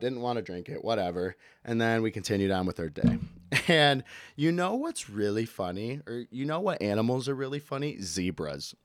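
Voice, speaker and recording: A man's voice: mid-range voice, dry recording. A man hosting a casual podcast, ranting and joking about everyday gripes. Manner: animated, ranting, jokey, quick to yell out bits. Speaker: podcast host. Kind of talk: casual solo podcast rant.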